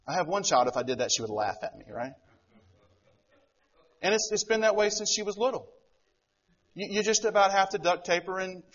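A man's voice: high-pitched, a bit bright, dull audio. A middle-aged man preaching a sermon, who keeps asking the congregation rhetorical questions. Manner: asks rhetorical questions, acts out quoted voices. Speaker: pastor.

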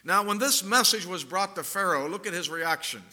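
Male pastor, high bright voice, emphatic sermon delivery with slow drawn-out pauses.

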